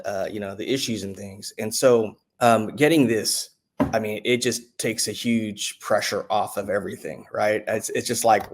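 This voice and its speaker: With a lowish voice, a U.S. military veteran offers a casual testimonial, stumbling through frequent restarts and fillers. When he recounts what someone said, his voice leaps up with excitement.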